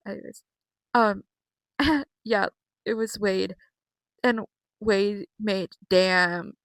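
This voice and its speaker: Young woman, casual vlogger, bright crisp voice, dry close mic, chatty, swears freely, lots of fillers. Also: medium pitch, very slow, no echo. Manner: chatty and profane, with frequent fillers. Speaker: wrestling vlogger. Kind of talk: casual recap vlog.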